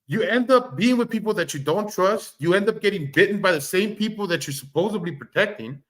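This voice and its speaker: A livestream commentator rants about online drama, heated and repetitive, swearing freely and stammering through restarts. His higher-pitched voice is animated, brisk, and fairly bright.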